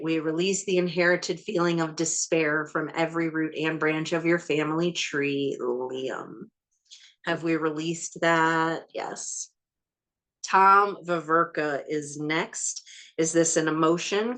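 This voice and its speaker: A woman leading an ancestral healing session, calmly and methodically counting back through generations in a matter-of-fact way. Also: low-pitched.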